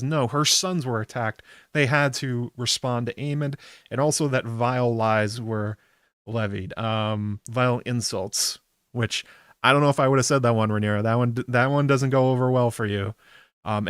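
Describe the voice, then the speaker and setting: A man's voice: medium pitch, clear, resonant tone, no room sound, clean studio sound. A man hosting a podcast, recapping a TV episode in a rambling, casual way with lots of filler words. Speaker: podcast host.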